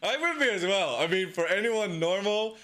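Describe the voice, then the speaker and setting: Male streamer, casual live reaction, swears a lot; bright, lively, slightly high voice. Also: normal speed. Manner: excitable, swears freely, laughs often.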